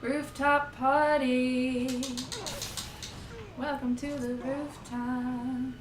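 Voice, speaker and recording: A woman's voice: sits high, level tone, music in the background. A woman guesting on a game stream, joking around in playful, teasing casual chat. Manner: playful, teasing, quick asides. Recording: roomy, distant mic, background noise.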